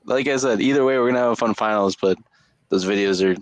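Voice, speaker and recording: A man's voice: on the low side, quick pace, dry recording. A young man co-hosting a casual sports podcast, rambling with lots of fillers and restarts. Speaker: podcast co-host.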